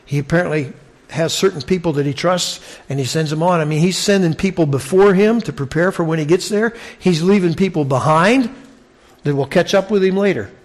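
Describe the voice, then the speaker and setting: A man's voice: a little high, a little fast. A man teaching through a Bible passage in a conversational way, with asides and restarts.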